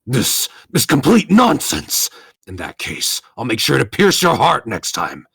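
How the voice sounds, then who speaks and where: A man voicing a furious scheming male warrior foe who shouts in outrage. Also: medium pitch, wildly swooping pitch, measured pace, creaky, slightly rough, dry recording, clean studio sound, voice pushed up, full character voice. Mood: outraged.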